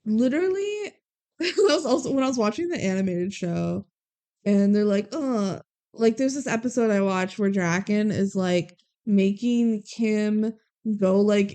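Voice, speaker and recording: A woman's voice: mid-range voice, expressive, unhurried, mellow. A woman co-hosting a podcast, chatting casually about a movie with incredulous, joking remarks. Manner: laughing, incredulous asides. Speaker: podcast co-host. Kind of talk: casual movie recap chat.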